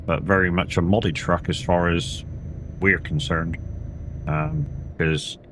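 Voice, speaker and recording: A man's voice: low-pitched, fairly even intonation, slow, a bit bright, a little hiss or hum. A tired man streaming a game, chatting casually in a rambling way and swearing now and then. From England. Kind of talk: casual live-stream chat while playing.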